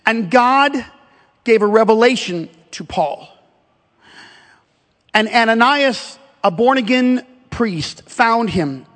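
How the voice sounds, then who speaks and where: Man, pastor, very high voice, animated emphatic sermon, long reverb in a big church. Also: slow, long pauses. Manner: animated preaching with humor and emphatic repetition.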